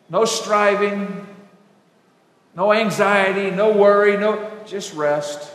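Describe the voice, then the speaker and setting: Guy preaching a sermon, high voice, big roomy hall with long reverb, goes loud then real quiet. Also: slow. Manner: animated storytelling, swinging between loud and hushed.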